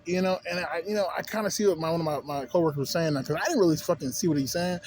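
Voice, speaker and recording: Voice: mid-range voice, fast, darkish tone. A young adult man vlogging in a loose, rambling way, swearing constantly and checking in with "you know what I'm saying". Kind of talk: casual rambling monologue.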